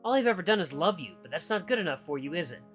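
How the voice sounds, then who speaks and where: A bitter, possessive ex-boyfriend from a visual novel , put on by a man, his voice pushed higher and swinging as he nags and accuses. The tone is bright and sharp. Soft guitar music plays faintly behind him. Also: very animated, racing. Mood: whining, guilt-tripping. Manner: whiny, accusing, raised pitch. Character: bitter possessive male ex, clingy and spiteful.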